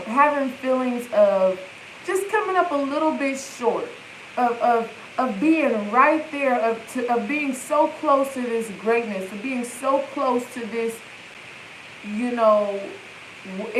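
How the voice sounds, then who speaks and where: A woman talks straight into her phone like a healing coach on a live stream. Her voice sits a little high, and she leans into emphatic, repeated affirmations. The room around her is echoey, with a faint hiss under the sound. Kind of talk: live-stream self-help talk.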